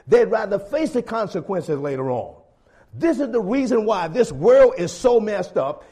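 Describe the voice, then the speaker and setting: A man preaches to his congregation in a high but mellow voice. He hammers key phrases loudly, then sinks to low, quiet asides. He keeps calling his listeners folks. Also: slightly rough. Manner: swings between loud stressed phrases and low quiet asides. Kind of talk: sermon.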